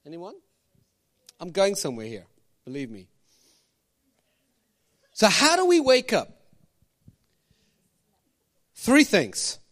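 A man preaching a sermon as pastor, animated, firing questions at the congregation with jokey asides. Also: sits high, slow, long pauses.

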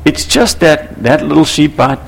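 A man preaching a sermon to church leaders, animated and acting out little scenes with voices. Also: on the high side, normal speed, gravelly, slightly rough. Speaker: pastor.

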